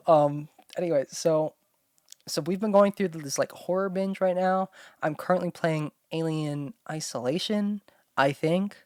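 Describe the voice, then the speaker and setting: A woman's voice: low voice, moderate pace, a little mellow, no echo, studio quality. A young woman hosting her own chat show, rambling with constant fillers and talking bluntly with plenty of swearing. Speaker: solo podcast host. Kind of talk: casual talking-to-camera chat.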